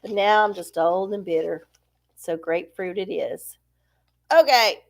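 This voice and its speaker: Talking at a medium pitch and a measured pace, a livestream host makes casual conversation with her audience. She wanders from topic to topic, pokes fun at herself and laughs a lot.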